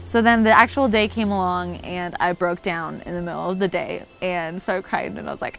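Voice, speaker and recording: A woman's voice: lowish voice, fairly even intonation, moderate pace, gravelly, hardly any pauses. A young woman in her twenties tells how she met her fiancé, laughing often and acting out her own quotes. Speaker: bride-to-be telling her love story. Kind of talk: casual interview storytelling. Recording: soft music underneath.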